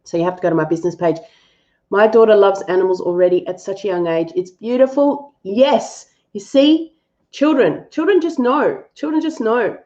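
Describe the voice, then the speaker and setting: A woman's voice: medium pitch, moderate pace, a little mellow, lo-fi sound. A woman hosting a live-stream animal reading and answering viewers, affectionate and thinking aloud with fillers.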